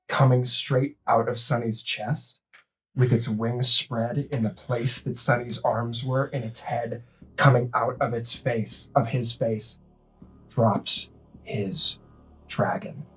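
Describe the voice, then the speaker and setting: A man narrating as game master of a tabletop game, describing scenes slowly and in detail. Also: medium pitch, poor audio. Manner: slow, descriptive narration with voiced dragons.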